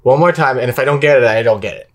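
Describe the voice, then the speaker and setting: A man's voice: mid-range voice, quick pace. A man co-hosting a casual podcast, playing a lyric guessing game, playful and laughing often. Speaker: podcast co-host.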